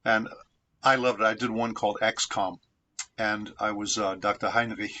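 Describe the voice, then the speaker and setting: A man from San Diego with a bright, forward voice sitting at the low end of the usual male range. He tells stories from his voice acting work in an unhurried interview style, steady and reflective. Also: muffled recording. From San Diego, United States. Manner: measured, reflective storyteller. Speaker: voice actor guest. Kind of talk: anecdotal interview storytelling.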